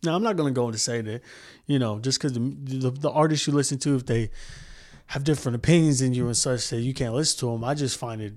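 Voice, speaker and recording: A young man ranting alone on his podcast, swearing freely and circling back on his own sentences. His voice sits at an ordinary middle pitch, recorded dry and close with no room sound. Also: fast, a little mellow, no room sound. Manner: profane, heated, rambling with restarts. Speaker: podcast host. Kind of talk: casual solo podcast rant.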